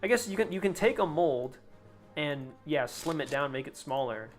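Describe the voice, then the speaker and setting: A man's voice: a little high, expressive, moderate pace, soft background music. A young man chatting casually on a live game stream, rambling, swearing freely and laughing at his own jokes.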